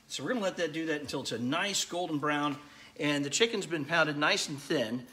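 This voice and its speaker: A chatty middle-aged man hosts a relaxed live cooking demo from his home kitchen, talking viewers through each step and greeting them by name. His voice is bright and slightly high for a man. The kitchen sounds roomy and echoey, with a pan frying quietly in the background. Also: a little hiss or hum. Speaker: cooking show host. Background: sizzling frying pan.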